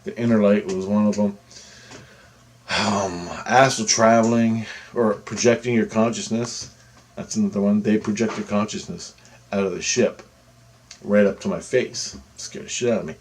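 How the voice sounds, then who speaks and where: A man's voice: on the low side, fairly even intonation, moderate pace, slight background noise. A man vlogging a personal story to camera in a loose, rambling way, full of asides.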